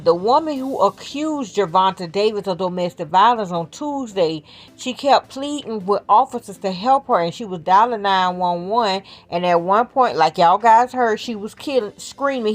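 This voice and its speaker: A woman's voice: medium pitch, low-quality recording. A woman giving casual, slangy celebrity-news commentary, talking straight to her viewers.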